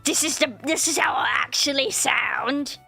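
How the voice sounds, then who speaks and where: A woman voicing a rowdy, brawling male orc warrior who shouts battle cries in a rough put-on accent. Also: high-pitched, measured pace, faint music behind, exaggerated voice.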